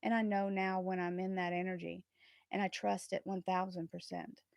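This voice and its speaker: Animated spiritual woman chatting. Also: lowish voice, moderate pace, creaky, no room sound, studio quality. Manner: earnest, spiritual, animated, laughs often. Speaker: tarot reader and channel host. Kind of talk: casual livestream chat.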